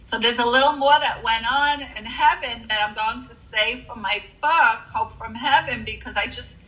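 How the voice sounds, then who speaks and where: A woman's voice: a little high, normal speed, pushed and bright, poor audio. A woman earnestly telling a personal near-death story, with frequent fillers.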